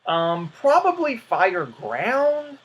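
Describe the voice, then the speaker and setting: A man's voice: sits high, huge pitch swings, extremely slow, a bit bright, husky, highs cut off. A man giving casual video commentary, rambling and hesitant, often trailing off into "um" and "I don't know". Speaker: YouTuber.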